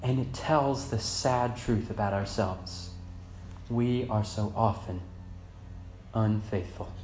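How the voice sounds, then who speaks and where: A man in his thirties preaching a sermon as pastor, moving between loud fervent emphasis and soft reflective passages. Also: fairly low pitch, takes it slowly. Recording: echoey church room with faint hum.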